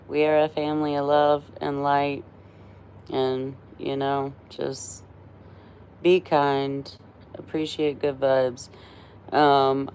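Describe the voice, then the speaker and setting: A woman's voice: sits low, a little mellow, a little hiss or hum. A tired woman in her forties hosting a casual live stream, chatty and rambling, laughing often between thoughts. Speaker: livestream host.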